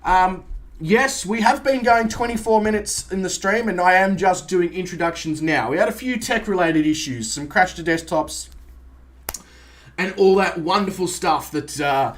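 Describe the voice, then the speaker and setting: An Australian man chatting casually on a live stream, greeting viewers by name and swearing lightly as he sets up a flight sim. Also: on the high side.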